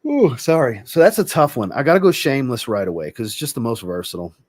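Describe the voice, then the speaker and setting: A man hosting a livestream and chatting casually, reading viewer comments aloud and answering them in a relaxed, rambling way. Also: medium pitch, fast talker, no room sound. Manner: relaxed, rambling, with filler words. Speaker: host.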